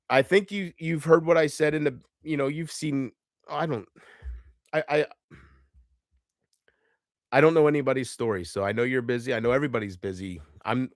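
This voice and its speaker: A man talking on a livestream in a halting, emotional way, stopping, restarting and trailing off. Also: medium pitch, dry recording, studio quality. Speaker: live streamer. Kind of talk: casual livestream chat.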